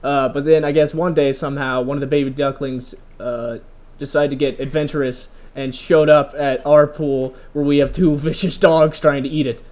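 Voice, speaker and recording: A young man co-hosting a podcast, telling funny stories in a lively, casual way with lots of "um"s. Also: a little high, moderate pace, hardly any pauses. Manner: lively storyteller, many "um"s, laughs through stories. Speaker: podcast co-host. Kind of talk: casual chat.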